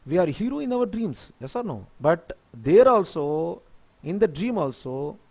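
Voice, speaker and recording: A man whose first language is Telugu, teaching an English pronunciation lesson. He spells words out letter by letter and talks in a patient, halting way. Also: fairly high pitch, big pitch swings, darkish tone. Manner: many fillers and restarts.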